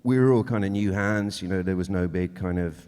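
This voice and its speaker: A man on a convention panel speaking in a relaxed, halting way. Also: deep voice, in a large hall. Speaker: actor on a panel. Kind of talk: casual panel talk.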